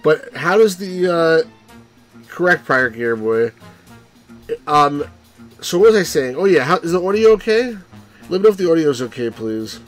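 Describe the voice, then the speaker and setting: A man's voice: on the high side, sing-song, normal speed, pauses often, soft background music. A man hosting a let's play, rambling and wry as he comments on a game, with the odd swear.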